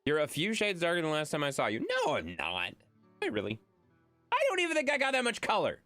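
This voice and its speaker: A woman streamer talks casually to her audience, bouncing her voice all over the place as she jokes and swears. The sound is dry and close, with a little music playing quietly underneath. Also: low voice, quick pace, no echo. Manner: animated, jokey, reads chat aloud and swears freely. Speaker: live streamer. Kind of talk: casual live-stream chat.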